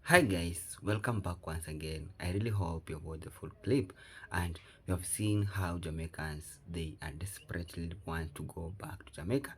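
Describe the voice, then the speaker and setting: A man's voice: low voice, moderate pace, a little hiss or hum. A man hosting a reaction channel, speaking directly to his viewers in casual commentary with slightly broken phrasing.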